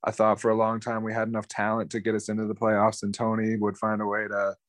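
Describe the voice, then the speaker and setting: A man's voice: on the low side, monotone, fast talker, no echo. Frustrated young man ranting about his team. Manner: frustrated, rambling, swears casually. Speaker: podcast co-host. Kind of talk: casual sports chat.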